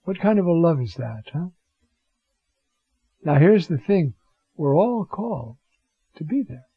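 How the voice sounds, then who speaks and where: A man preaching on scripture in an animated way, with rhetorical questions and sudden leaps in pitch. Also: measured pace, husky, dry recording. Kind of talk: sermon on scripture. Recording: dull, lo-fi dry recording.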